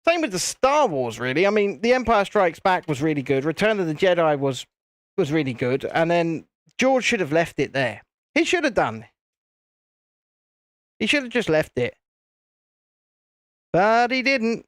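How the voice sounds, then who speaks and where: British male streamer, rambling chat, slightly high voice, dry close sound. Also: sing-song, unhurried, long pauses, fairly bright tone, dry recording. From United Kingdom. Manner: chatty, rambling, reads viewer chat aloud. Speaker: livestream host. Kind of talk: casual live stream chat while building. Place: home streaming setup with cameras and lights.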